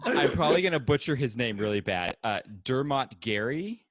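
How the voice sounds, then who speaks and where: A man's voice: medium pitch, animated, moderate pace, no echo. A man hosting a casual podcast from home, chatting, laughing often and running through the show's plugs. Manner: laughs often while plugging the show. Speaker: podcast host. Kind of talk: casual chat and show plugs.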